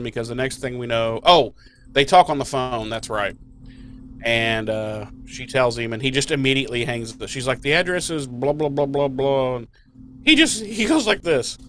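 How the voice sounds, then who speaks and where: A man's voice: mid-range voice, a little hiss or hum. A man co-hosting a podcast, chatting casually and heatedly, swearing a lot and acting out the characters' lines. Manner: profane, heated, acts out characters. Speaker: podcast co-host. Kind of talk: casual recap chat.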